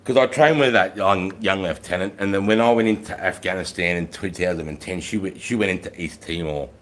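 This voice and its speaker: Blunt, profane man with a lowish voice. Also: brisk. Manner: blunt and heavily profane, rising loud when quoting himself. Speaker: livestream host, former army sergeant. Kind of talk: casual storytelling livestream.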